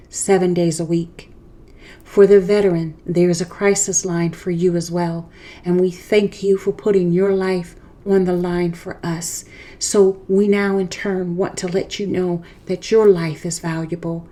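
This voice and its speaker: Her pitch fairly low and her tone warm, this woman hosts a faith podcast meant to inspire. She addresses listeners directly with earnest, emphatic encouragement, restating her points over and over in new words.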